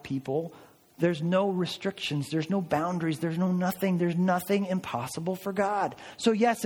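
An American pastor with a high voice delivers a sermon in an animated, conversational style, acting out people's voices as he tells the story. The recording has a long reverb tail.

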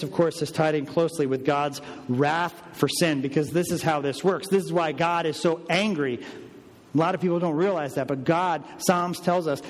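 A man preaching a sermon with emphatic delivery, rising for stress and dropping low for weight. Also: big-room sound. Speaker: pastor.

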